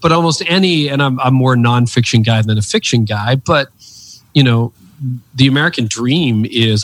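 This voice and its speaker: A man in his fifties, appearing as a guest author, speaks in a mid-range voice at a slightly fast clip. He's an animated storyteller whose earnest, preacherly emphasis rises and falls throughout the conversational interview.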